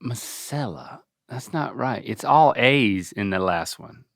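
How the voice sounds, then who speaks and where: A man hosts a casual podcast, teasing and coaching in a playful tone. His pitch swings widely, and he takes his time with every phrase. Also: animated, measured pace, gravelly, fairly bright tone. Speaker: podcast host. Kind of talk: casual podcast chat, quizzing.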